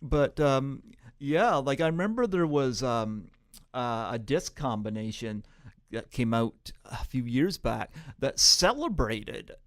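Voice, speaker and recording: Man, podcast host, casual chat, dry sound, mid pitch. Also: lively intonation, takes it slowly, no room sound. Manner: casual, hedging with "you know" and "like". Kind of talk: interview chat.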